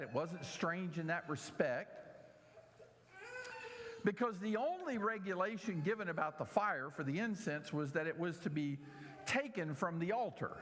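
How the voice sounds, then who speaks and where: A man leads a Bible lesson in a church hall, speaking slowly and stressing each important word. His pitch sits a little high and swings widely as he explains and questions his listeners. A long reverb trails behind him in the room. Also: fairly bright tone. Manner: slow, emphatic teaching with audience questions. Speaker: Bible teacher.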